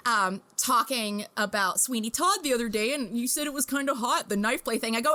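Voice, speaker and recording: A young woman hosting a podcast, telling a story in a casual, animated and profane way with bursts of laughter. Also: sits high, a little fast, few pauses, noisy background. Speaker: podcast host.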